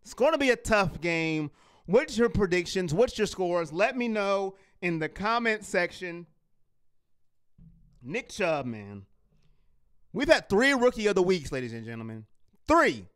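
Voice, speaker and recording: A man's voice: high-pitched, big pitch swings, a little slow, long pauses, fairly bright tone, clean tone. Fired-up man ranting about his team. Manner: fired up, emphatic, repeats lines for effect. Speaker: sports fan show host. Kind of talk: heated fan rant and live chat reading.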